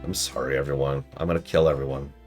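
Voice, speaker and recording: A man's voice: very deep voice, steady tone, quick pace, faint music behind. A man casually commentating a game stream, joking and reading dialogue aloud in a playful way.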